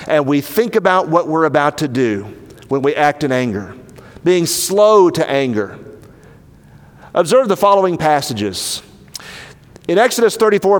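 A man preaching a sermon as pastor, earnest and animated, sometimes dropping to a low, slow voice for emphasis. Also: big-room sound.

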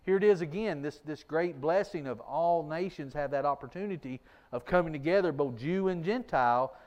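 Man, slightly higher voice, leading a relaxed Bible class, stumbles and restarts often. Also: moderate pace. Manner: folksy and self-deprecating, with frequent restarts. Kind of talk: conversational Bible lesson.

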